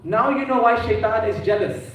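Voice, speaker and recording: A man giving an emphatic mosque sermon, with quick Arabic quotations between his English. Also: sits high, a bit bright. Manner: emphatic, rising into declamation, quotes Arabic quickly. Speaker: preacher giving a majlis. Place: mosque hall. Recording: echoey mosque hall, mic at a distance.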